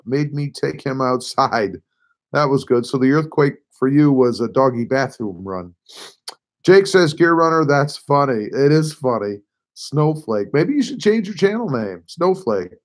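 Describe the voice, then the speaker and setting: A man with a hoarse, failing voice hosting a casual live stream, reading out viewer comments and answering them offhandedly. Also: a little high. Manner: reads viewer comments aloud and replies offhandedly. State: hoarse, voice nearly gone.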